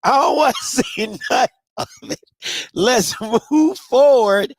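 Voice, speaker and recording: A man's voice: high voice, measured pace, no echo. A man in his thirties hosting a casual livestream from home, telling stories with lots of repetition. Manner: animated storytelling, repeats phrases. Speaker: livestream host. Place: home, snowed in.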